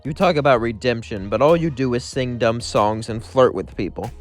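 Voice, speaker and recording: A man's voice: mid-range voice, moderate pace, soft background music, natural voice. Man doing an arrogant android fighter, blunt, scornful. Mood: frustrated. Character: arrogant male bio-android warrior.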